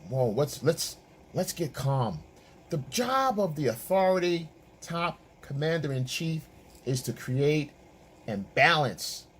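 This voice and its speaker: A man's voice: a little high, slight background noise. A man working as a dating and relationship coach, giving opinion commentary in an emphatic, repetitive, lecturing way.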